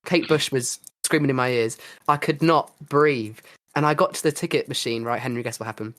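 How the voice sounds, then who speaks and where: Young male host, animated, theatrical rants, casual swearing. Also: medium pitch, brisk. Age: young adult. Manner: animated, swearing, dramatic storytelling. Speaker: podcast host. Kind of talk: casual chat.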